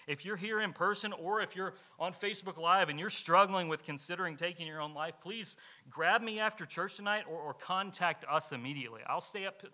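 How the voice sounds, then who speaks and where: A male pastor delivers a sermon in a very bright, ringing voice set a little high. He speaks earnestly and with emphasis, often repeating key lines for weight. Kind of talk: sermon, question and answer. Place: church, streamed live.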